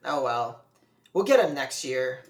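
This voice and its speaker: Easygoing co-host, mid-pitched voice, roomy echo on the mic. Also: expressive, measured pace. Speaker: podcast co-host. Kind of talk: casual podcast chat.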